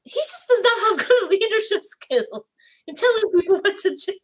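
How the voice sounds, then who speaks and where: A woman's voice: very high-pitched, animated, normal speed, poor audio. A woman co-hosting a casual chat, sharing blunt opinions about a TV episode. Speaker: podcast co-host.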